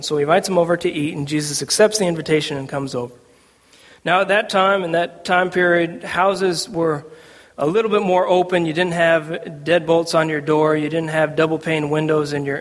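A pastor delivers a sermon to his congregation in a church sanctuary, keeping it conversational and funny. His voice is fairly high and slightly bright, and the church hall gives it a long reverb.

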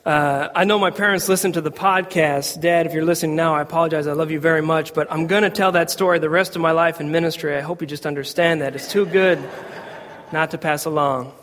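Guy pastor preaching, kinda high voice, lots of uh's and restarts, big echoey church sound. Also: fairly even intonation, fast, a bit bright, slight background noise. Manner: conversational storytelling with frequent fillers and restarts. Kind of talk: sermon. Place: church sanctuary.

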